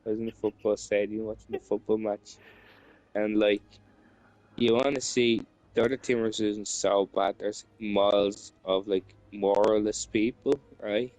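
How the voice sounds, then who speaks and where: A man's voice: on the low side, flat delivery, moderate pace, darkish tone, dry recording, poor audio. A man telling pun stories in casual chat with friends, checking in with "right?". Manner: setting up puns with frequent "right?".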